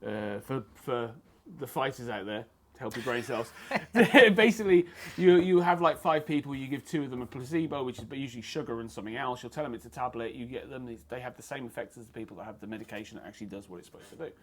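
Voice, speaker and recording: A man, a fight photographer talking as a podcast guest in a blunt, lively, profane storytelling manner. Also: mid-range voice, fast talker, a little hiss or hum. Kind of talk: casual podcast chat. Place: martial arts gym.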